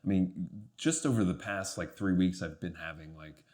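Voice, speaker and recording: A man's voice: sits low, normal speed, a little mellow. A man as a podcast guest in casual conversation, talking reflectively with many fillers and restarts.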